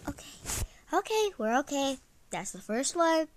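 A woman's voice: high voice, very animated, moderate pace, dry recording, low-quality recording. A woman giving casual, stressed-out gameplay commentary, exclaiming often and saying "like" a lot. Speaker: gaming channel host.

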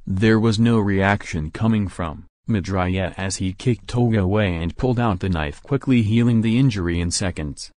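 A man narrating a fan fiction story in a steady storytelling manner. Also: on the low side, normal speed, few pauses, no room sound.

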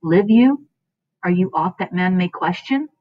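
A woman's voice: lowish voice, expressive, measured pace, no room sound. A woman reading the lines of an honorable male soldier questioning strange figures, in a dull, dry recording. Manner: reads the old verse aloud, puzzled and probing.

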